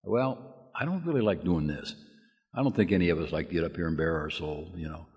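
A man's voice: deep voice, brisk, darkish tone. Folksy man telling stories in a hall. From Kentucky, USA. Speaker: recovery meeting speaker. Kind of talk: humorous storytelling talk. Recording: reverberant hall recording.

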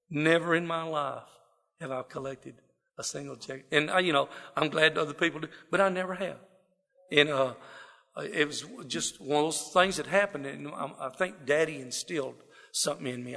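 A man's voice: fairly high pitch, moderate pace, vocal fry, bright, forceful tone, long reverb tail. A man from South Texas with a Southern drawl, telling his life story in a folksy, rambling way full of fillers. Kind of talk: personal testimony talk. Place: wooden building, to a gathered audience.

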